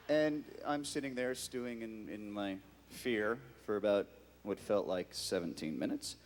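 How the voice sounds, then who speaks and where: A man's voice: lowish voice, unhurried, big-room sound, slight background noise. A man, a guest actor on a convention stage, telling a comic anecdote to a live audience and acting out the quotes in whiny voices.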